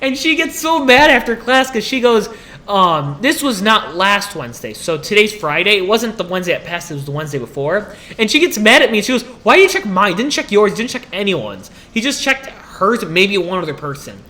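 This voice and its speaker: A man's voice: sits high, fairly quick. A young man, a student, ranting comedically to camera and acting out the people he complains about. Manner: animated complaining, acts out dialogue. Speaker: student vlogger.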